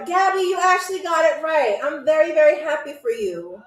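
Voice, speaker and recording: High-voiced playful woman game show host. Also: animated, a little fast. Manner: playful, jokey, reads viewer comments aloud; peppers lines with "okay?" and "all right". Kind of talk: live-stream game show chat. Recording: roomy echo, faint music.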